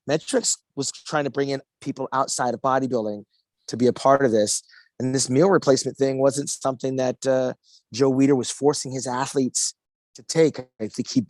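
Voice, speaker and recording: A man in his fifties, a retired bodybuilder as guest, telling his story in a relaxed chat with plenty of fillers. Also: medium pitch, no echo. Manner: reflective storytelling, frequent fillers. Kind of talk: casual video-call chat. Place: home near the coast.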